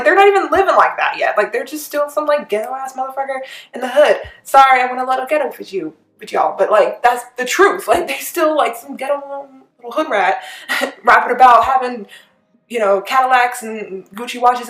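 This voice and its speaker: A woman hosting a casual reaction vlog, speaking in an animated way, breaking into laughs and loud exclamations. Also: sits high. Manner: animated, bursts into laughter and shouting. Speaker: reaction channel host. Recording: echoey room with faint music.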